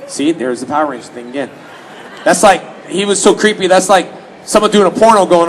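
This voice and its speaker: A man's voice: fairly high pitch, fast talker, slight background noise, poor audio. Joking Texan-raised man at a fan panel. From Houston, Texas, US. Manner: joking, animated, slips into mock voices for quotes. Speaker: convention panel guest. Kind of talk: casual storytelling to a fan audience. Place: convention panel room.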